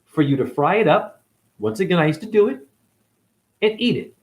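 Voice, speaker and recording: A man's voice: high-pitched, animated, moderate pace, darkish tone. A man delivering an angry, confrontational monologue as a self-styled spiritual teacher, swearing constantly. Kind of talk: profane ranting monologue.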